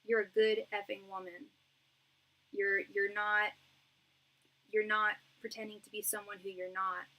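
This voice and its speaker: A woman's voice: mid-range voice, flat delivery, measured pace, long pauses, bright, forceful tone, poor audio. A young woman doing a live-stream tarot reading. She talks in a chatty, reassuring way, with lots of fillers and restarts. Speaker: tarot reader.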